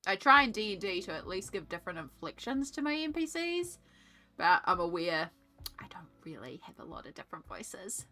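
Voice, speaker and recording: A woman's voice: on the low side, big pitch swings, normal speed, bright, forceful tone. A young woman streaming from her art desk, chatting casually and thinking aloud while she colours, with rambling asides. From Australia. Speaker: artist and streamer.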